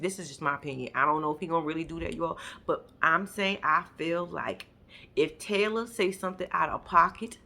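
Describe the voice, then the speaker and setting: A woman, talking straight at her viewers in a loose, sassy recap rant. Her voice is bright and forceful, her pitch sits in the middle, and she swings from chatty asides to blunt, profane outbursts. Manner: blunt, sassy, profane commentary with sudden loud bursts. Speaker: reality TV recap vlogger. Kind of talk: animated casual recap rant.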